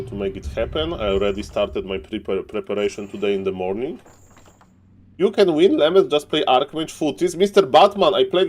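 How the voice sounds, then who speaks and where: A man with a Polish accent and Polish as his first language, commentating a strategy game live and chatting with viewers, excitable, with bursts of mock outrage and frequent laughs. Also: on the low side. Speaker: game caster and streamer. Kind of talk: live esports commentary and chat.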